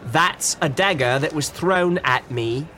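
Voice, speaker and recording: Dude playing a bragging king, kinda pushy, slightly high voice, faint noise. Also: slow, sharp tone. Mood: boastful. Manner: showing off, pushy, rambling. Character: boastful hunted male king. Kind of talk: improvised comedy role-play.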